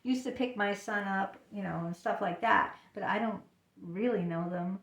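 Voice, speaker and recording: A woman's voice: medium pitch, moderate pace, fairly bright tone, distant mic. A woman chatting casually about her own experiences, filling her talk with "you know" and acting out little snatches of dialogue. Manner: chatty, lots of fillers, acts out little voices. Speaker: talker sharing personal experience. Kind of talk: casual personal chat. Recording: echoey room, speaker away from the mic.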